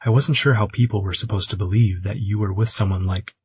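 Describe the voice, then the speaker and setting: A man voicing an earnest young man, blustering but unsure of himself, in a plain husky voice. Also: lowish voice, steady tone, brisk, a little mellow. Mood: subdued.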